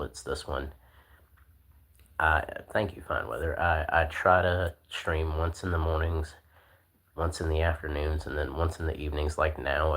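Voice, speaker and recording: A man hosting a casual livestream, talking in a laid-back, soft-spoken way with lots of fillers. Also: extremely low pitch. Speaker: livestream host.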